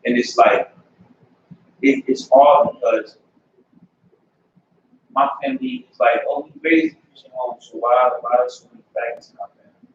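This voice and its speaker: A man's voice: mid-range voice, huge pitch swings, normal speed, long pauses, a little hiss or hum. A man giving an emphatic personal testimony in a class, acting out what family members said to him. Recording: echoey room, far from mic, dull lo-fi.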